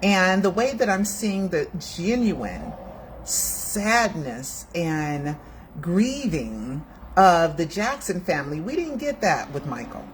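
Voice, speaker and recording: A woman in her sixties talks straight to her camera at home in a loose, rambling way and gets emotional easily. Her voice sits a little low. A faint hiss runs under the recording. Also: sing-song, takes it slowly. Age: 60s. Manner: chatty, digressive, emotional. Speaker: video host. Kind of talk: casual chat to camera. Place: home room.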